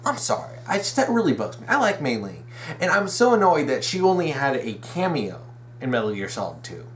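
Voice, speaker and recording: A man's voice: mid-range voice, very animated, fairly quick, a little hiss or hum. A young man hosting a casual fan commentary video, rambling, restarting his sentences and correcting himself with eager, opinionated enthusiasm. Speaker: video essay host.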